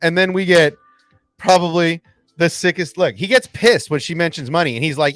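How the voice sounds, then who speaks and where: A man hosting a fan channel, recapping an episode in casual livestream chat, excitable and acting out lines in voices. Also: a little high, moderate pace, no echo, faint music behind. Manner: excitable, acts out quotes in voices.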